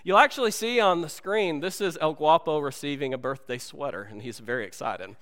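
A man preaching a sermon, telling stories in an animated way and acting out movie lines for his congregation. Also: a little high, brisk, long reverb tail. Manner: animated storytelling, acts out movie dialogue. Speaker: pastor. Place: church sanctuary.

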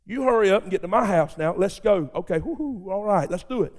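An impatient, desperate father pushes a crowd aside, as a preacher voices him. He sounds hurried and pushy, with a very high voice. A long reverb trails after his words. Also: animated. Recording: long reverb of a large hall.

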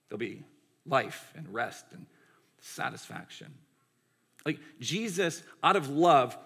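A man's voice: mid-range voice, vocal fry, a bit bright, husky. A man in his forties preaching a sermon in a conversational way, often acting out quoted lines. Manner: conversational, acts out quotes in voices. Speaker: pastor.

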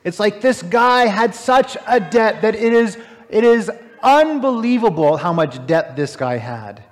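A man preaching a sermon, retelling a parable with animated, emphatic, incredulous asides. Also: sits high, a little slow. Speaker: pastor. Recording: long hall reverb.

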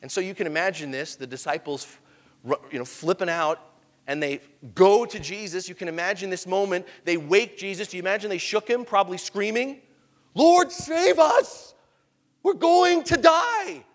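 A man preaches a sermon in a fairly high voice, telling the story with lively, animated emphasis. He drops to hushed asides, then builds back up. His voice rings with long reverb, as if from a large hall. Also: a little fast.

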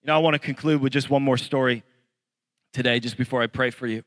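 A man's voice: medium pitch, steady tone, fast, dry recording, long reverb tail. A young adult male pastor preaching a sermon in church, telling stories earnestly and rising to pleading intensity. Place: church hall with congregation.

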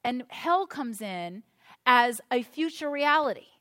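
A woman delivers a sermon with real conviction. Her voice sits high and light. She stays emphatic throughout and repeats key phrases for weight. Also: expressive, fairly bright tone. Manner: earnest, emphatic preaching with deliberate repetition. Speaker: pastor.

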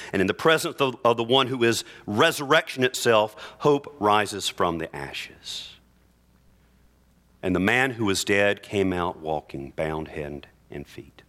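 A male pastor preaching earnestly in church, reading scripture aloud with slow, emphatic phrases. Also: fairly low pitch, fairly bright tone. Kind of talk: sermon.

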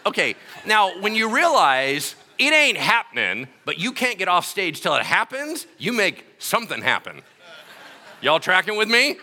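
Middle-aged male pastor, bright and animated storyteller, fairly high voice. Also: moderate pace. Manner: animated, acts out quotes with shouts and laughs. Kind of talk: sermon storytelling.

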